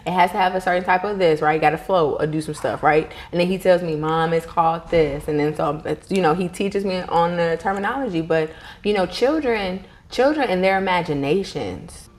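A woman in her thirties, a podcast guest, telling stories in an animated way, with frequent restarts and laughter. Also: lowish voice, brisk. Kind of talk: casual interview conversation.

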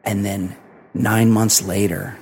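Husky-voiced man rambling on a podcast. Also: on the low side, little pitch movement, darkish tone. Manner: rambling, laughs often, halting restarts. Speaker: podcast co-host. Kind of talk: casual podcast chat, reading listener emails.

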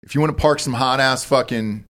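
A man's voice: medium pitch, brisk. A man co-hosting a podcast, ranting and joking with a lot of profanity. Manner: profane, loud joking rants. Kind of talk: casual podcast banter.

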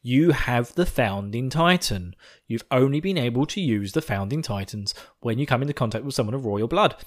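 A man's voice: mid-range voice, lively intonation, moderate pace. Rambling, swearing male podcast host. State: buzzing on coffee. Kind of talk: casual episode recap.

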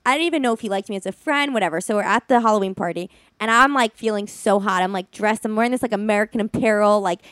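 A woman co-hosting a podcast, telling stories in casual chat, animated and full of "like"s. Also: medium pitch, quick pace, few pauses, no room sound. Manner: animated, many "like"s, laughing while telling stories. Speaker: podcast co-host.

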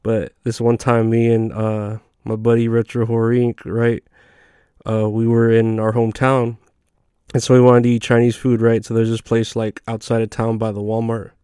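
A man's voice: medium pitch, completely flat delivery, normal speed, warm tone, clean tone, no room sound, clean studio sound. A man hosting a comedy podcast, telling rambling, profane stories in a laid-back, casual way. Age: adult.

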